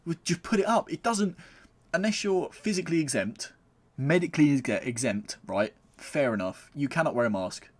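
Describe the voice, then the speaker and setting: A man's voice: a little high, lively intonation, moderate pace. Blunt, sweary man. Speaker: podcast co-host. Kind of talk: casual chat.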